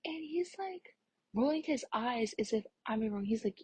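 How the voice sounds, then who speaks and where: Young woman, very breathy, high-ish voice, chatty storytime, dry close sound. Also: lively intonation, normal speed, darkish tone, no echo. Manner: chatty, many fillers, drops to a whisper at times. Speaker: vlogger. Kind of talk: casual storytime chat.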